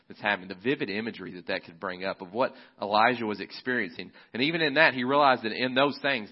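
A man preaching a sermon as a pastor, relaxed and conversational, often restarting his phrases. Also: fairly low pitch, highs cut off.

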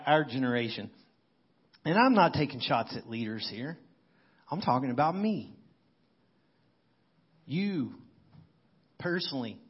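A man's voice: on the high side, husky, lo-fi sound. A man preaching a sermon in a conversational way, as if thinking aloud. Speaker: pastor.

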